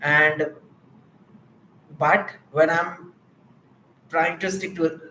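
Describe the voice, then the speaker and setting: A man's voice: on the high side, fairly even intonation, a little slow, long pauses, bright, forceful tone, roomy sound, slight background noise, poor audio. A man with an Indian accent thinking aloud on an unscripted live stream, rambling and reflecting on himself. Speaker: livestreamer. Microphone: mic with camera.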